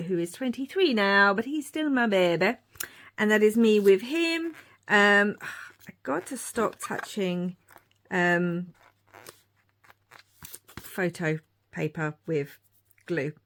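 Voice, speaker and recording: Woman in her forties, crafting vlogger, chatty and rambling, mid pitch. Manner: chatty, rambling, warm asides. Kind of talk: casual show-and-tell narration.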